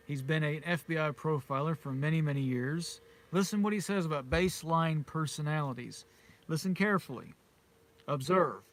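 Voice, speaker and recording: A middle-aged British man giving a rambling, conspiratorial monologue to camera, repeating himself and chuckling often. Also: on the high side. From Britain. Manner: conspiratorial, repetitive, with frequent chuckles. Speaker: vlogger.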